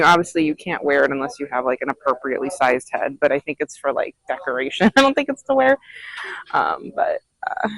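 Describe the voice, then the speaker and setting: Chatty vocal-fry thrift vlogger. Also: medium pitch, dry recording, low-quality recording. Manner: chatty, giggly, musing aloud over prices. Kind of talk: casual shopping vlog chat. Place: thrift store, indoors.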